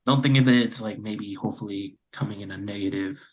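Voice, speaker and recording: A man with a husky, fairly low voice, speaking casually on a podcast. He hesitates often and restarts his sentences as he talks. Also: steady tone, fast, rough recording. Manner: hesitant, many fillers and restarts. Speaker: podcast co-host. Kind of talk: casual chat.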